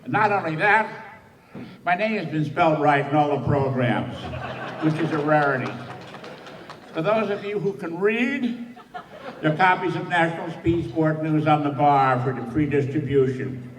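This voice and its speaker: An older man in his eighties, with a slightly higher voice, accepts an award with chatty, wry humor. He sounds distant, and the banquet hall echoes around him. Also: moderate pace, a crowd in the background. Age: 80s. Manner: chatty, wry, jokes with the room. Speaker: award recipient. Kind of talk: acceptance speech.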